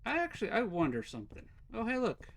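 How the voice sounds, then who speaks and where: A man's voice: high-pitched, huge pitch swings, quick pace, creaky, a little hiss or hum. A Canadian man casually commenting on a game he is playing live, reading its text aloud and chatting with viewers. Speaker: streamer.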